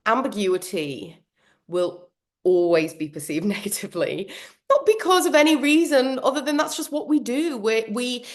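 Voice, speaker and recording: Lively woman leading a webinar. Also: on the high side, normal speed. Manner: animated, laughs often, acts out inner voices. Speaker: workshop trainer. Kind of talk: live online workshop talk. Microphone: video call.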